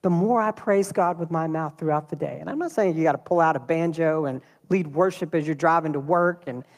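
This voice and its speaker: A man preaching a sermon in a church, talking in a lively, conversational way and throwing rhetorical questions at the congregation. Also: on the high side, fairly quick, long reverb tail. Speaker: pastor.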